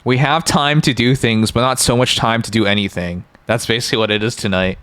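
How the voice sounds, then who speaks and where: A man's voice: medium pitch, steady tone, brisk, a bit bright, clean tone, no echo. A man streaming live, chatting casually and joking with his viewers in a rambling way. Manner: rambling, joking, talks to chat.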